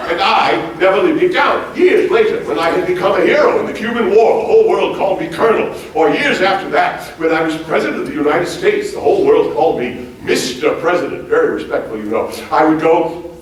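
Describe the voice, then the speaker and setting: An actor playing a hearty, bookish former president on stage, quizzing a live audience in formal, old-fashioned phrasing. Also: male voice, high-pitched, a little fast. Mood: spirited. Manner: animated, quizzes the audience with lively questions. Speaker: historical reenactor on stage. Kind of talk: live one-man stage portrayal. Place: large auditorium stage before a live audience. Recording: very echoey hall, mic far off.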